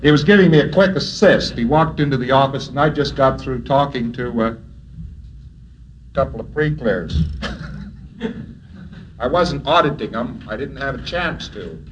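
A man's voice: medium pitch, animated, a little slow, long pauses, background noise. A man giving an anecdotal lecture who chuckles often and acts out dialogue in his stories.

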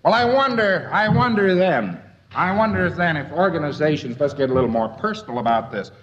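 A man's voice: on the high side, expressive, fairly quick. A man giving a lecture in a folksy, wry, rambling way. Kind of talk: lecture to a live audience. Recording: dull lo-fi old lecture tape.

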